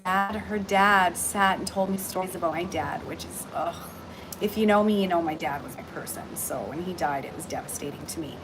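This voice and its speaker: A middle-aged Canadian woman chatting casually and warmly on a livestream, full of ums and restarts, about heartfelt topics. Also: on the low side, fairly quick, over music, rough recording. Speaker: intuitive reader and shop owner. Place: aboard a cruise ship. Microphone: phone livestream.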